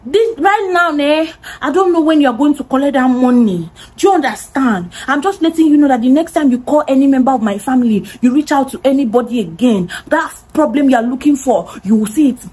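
A woman voicing a young man with a Nigerian accent who makes loud, blustering threats at a friend he owes. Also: very high-pitched, lively intonation, fairly quick, few pauses, pitched above the performer's own voice. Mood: threatening.

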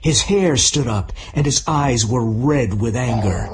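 A man narrating a simple audiobook for English learners, reading clearly and deliberately. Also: medium pitch, slight background noise.

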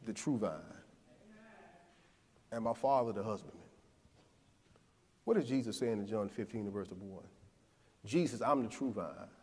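A man preaching a sermon in a church, building to near shouts and then dropping low again. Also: husky. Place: church sanctuary. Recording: long church hall reverb.

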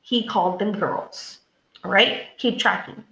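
A woman teacher reading a story aloud to her class, pausing for questions and prompts in a clear, deliberate way. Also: mid-range voice, pushed and bright, roomy sound, poor audio.

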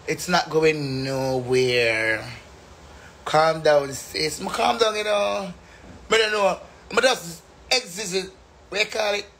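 A man's voice: high-pitched, measured pace, vocal fry, pushed and bright, slight background noise. A man with a Jamaican accent chatting casually and animatedly, breaking into laughter often and singing phrases. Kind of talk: casual live chat.

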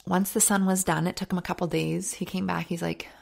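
Woman podcast host, low voice with some fry, earnest and story-driven. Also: flat delivery, fairly quick. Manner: earnest storytelling, dropping to soft near-whispers for emphasis. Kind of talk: faith-based self-help podcast talk.

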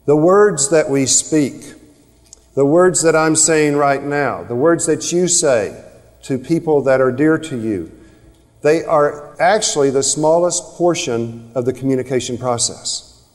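A man's voice: fairly high pitch, measured pace. A man giving a motivational seminar talk on communication to a live audience, asking rhetorical questions. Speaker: speaker on communication skills. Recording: long reverb of a hall.

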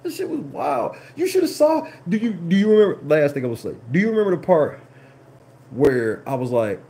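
Brief: stream host, swooping lively delivery, dark mellow tone, laughing and cussing through a story. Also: mid-range voice, a little fast, slight background noise. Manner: laughing, profane, indignant retelling. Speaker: livestream host. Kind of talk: animated casual storytelling.

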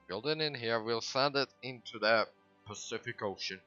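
A man giving casual, excitable commentary while livestreaming a strategy game, swearing and breaking into sudden loud outbursts. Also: mid-range voice, normal speed, muffled recording, soft background music. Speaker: gaming livestreamer.

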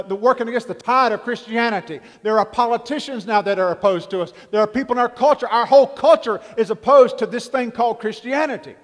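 A man preaching a sermon as pastor, reading scripture quietly and then building to fervent, emphatic preaching. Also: very high voice. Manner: reads scripture softly, then preaches with rising force. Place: church sanctuary. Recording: long church reverb.

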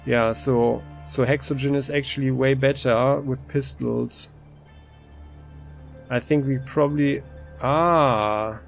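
Relaxed male let's-play host, gravelly voice, mid pitch. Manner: relaxed, thinking aloud with restarts. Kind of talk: casual gameplay commentary.

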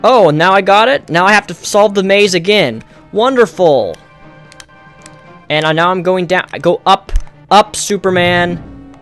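A young man giving let's-play commentary on a console game. He sounds exasperated and breaks into loud, frustrated outbursts. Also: sits high, a little slow, soft background music. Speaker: gamer.

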